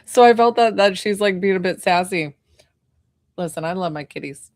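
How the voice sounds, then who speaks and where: A woman's voice: medium pitch, moderate pace, dry recording, poor audio. A woman giving a casual spiritual reading as an animal communicator, chatting and thinking aloud to herself.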